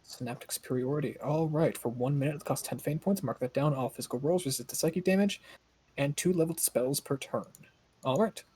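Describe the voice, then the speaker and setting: Man, game master, brisk rule-reading, husky, voice wearing out. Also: fairly high pitch, mellow. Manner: brisk, reads rules aloud. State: voice giving out. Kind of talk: running a tabletop game.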